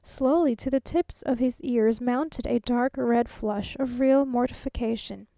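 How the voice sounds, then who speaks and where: Woman, audiobook narrator, high and mellow voice, dry close recording. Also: measured pace, gravelly, dry recording. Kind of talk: scripted narration.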